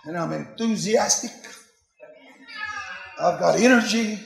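Gravelly high-voiced preacher in his sixties. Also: slow pace, roomy sound, low-quality recording. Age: 60s. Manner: animated, laughing storyteller. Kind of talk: sermon storytelling.

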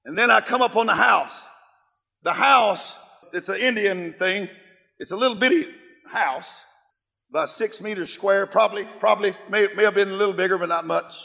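A middle-aged man preaching a sermon, telling a story with fervent emphasis and bursts of shouting. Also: high-pitched, normal speed, creaky. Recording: long hall reverb.

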